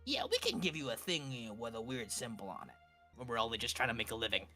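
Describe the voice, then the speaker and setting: A weary old goblin woman, as a man puts her on in a tabletop game, speaking in a blunt, rambling and casual way. Her voice is lively in pitch, and faint music plays underneath. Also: a little fast, lightly acted. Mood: weary, offhand. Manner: casual, rambling, offhand swearing. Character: older female goblin elder, weary and blunt.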